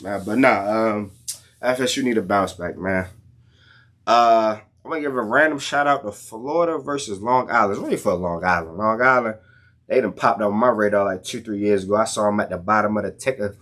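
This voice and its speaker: A young man rants about college football in a loose, slangy way. His pitch swings widely, climbing high when he gets worked up. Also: moderate pace. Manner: animated, slangy, rants with rising outbursts. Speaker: sports commentator vlogger. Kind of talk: casual sports rant.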